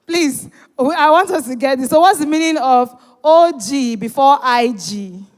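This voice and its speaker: A woman's voice: sits high, unhurried. A woman hosting a live event, bantering with and teasing the audience and urging them to join in. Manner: animated, teasing, urging the crowd. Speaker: event host. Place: large event hall. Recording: reverberant hall.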